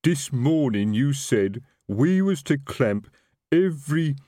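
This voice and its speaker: Brief: dim, dutiful troll cop, slow and heavy, odd altered timbre, a man doing it. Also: medium pitch, animated, dark tone, no room sound, studio quality, pitched above the performer's own voice. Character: slow-witted hulking male troll constable. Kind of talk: audiobook character voice.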